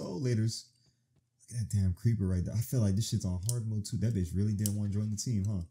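Young guy w/ aave cussing at a game, voice jumps all over, kinda mellow tone, faint keyboard clicks behind. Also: on the low side, slight background noise. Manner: profane, animated reactions, talks to the game. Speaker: gaming streamer. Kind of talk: casual let's-play commentary.

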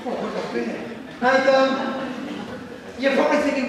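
A man's voice: extremely high pitch, moderate pace, pauses often, slight background noise. A middle-aged man giving a public talk, telling a story with jokes and acting out the people in it. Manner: animated, jokey, acts out the people in his stories. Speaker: guest speaker. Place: large school hall. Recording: echoey hall recorded from far off.

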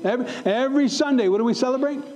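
A man's voice: very high voice, rapid-fire, darkish tone, poor audio. A middle-aged male pastor preaching a sermon to a church congregation, emphatic and fond of repeating questions to the room. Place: church sanctuary.

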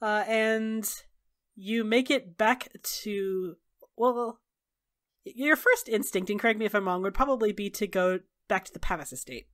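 A woman narrating a tabletop role-playing game as game master, in a relaxed way with many fillers. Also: medium pitch, normal speed. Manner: relaxed, filler-heavy storytelling.

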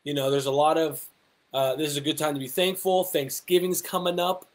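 A man's voice: fairly high pitch, fairly even intonation, fairly quick. A young adult man, a fitness coach, giving casual motivational advice with lots of rhetorical questions and fillers. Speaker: fitness coach and personal trainer. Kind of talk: casual motivational talk to camera.

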